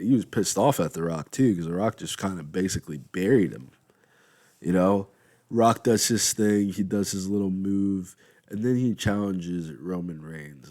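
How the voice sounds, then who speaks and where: Hosting a laid-back wrestling commentary show, this young man speaks in a deep, darkish voice. His talk wanders in a chatty, rambling way, broken by an occasional yawn.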